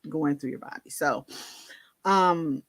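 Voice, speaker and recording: Candid woman with a low, dry voice. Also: takes it slowly, dry recording. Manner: candid, conversational, many fillers and asides. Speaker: vlogger. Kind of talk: personal storytelling to camera.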